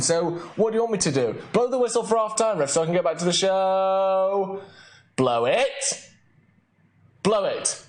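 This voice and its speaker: A man hosting a casual late-night live stream, chatting and reading out viewer comments. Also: fairly high pitch. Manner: chatty, reads viewer comments, gets loudly excited over a match.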